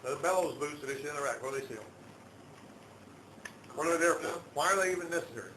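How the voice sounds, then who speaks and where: A man's voice: on the high side, fast talker. A male automotive instructor lecturing a class, quizzing students and drilling terms by repetition. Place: auto shop classroom. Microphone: far camera. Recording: echoey shop with loud background noise.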